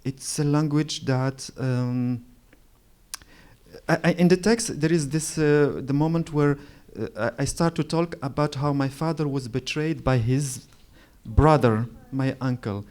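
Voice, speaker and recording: A writer from Morocco, in his forties and a native Moroccan Arabic speaker, reflects on stage through storytelling at a literary event. His mid-range voice has a darkish tone, and he speaks slowly, frequently pausing and restarting while searching for words.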